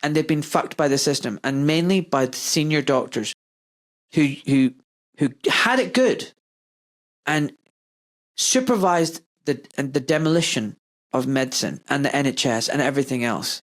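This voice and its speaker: A man's voice: medium pitch, moderate pace. Guy doctor hosting his podcast, fired up and ranting, keeps hammering the same point. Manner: impassioned ranting, emphatic and repetitive. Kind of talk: podcast conversation.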